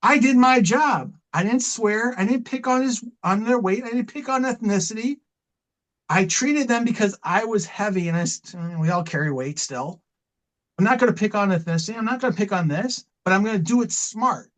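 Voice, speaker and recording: A man's voice: high voice, normal speed, fairly bright tone, low-quality recording. A middle-aged man, a wrestling manager, telling long impassioned stories in an interview, rambling and repeating himself as he goes. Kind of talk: storytelling interview talk.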